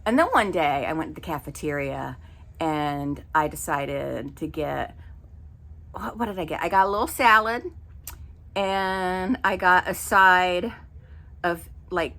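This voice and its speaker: A middle-aged woman telling a story in an exasperated, animated casual rant with many fillers. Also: fairly low pitch, gravelly. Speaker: vlogger. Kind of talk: casual ranting monologue.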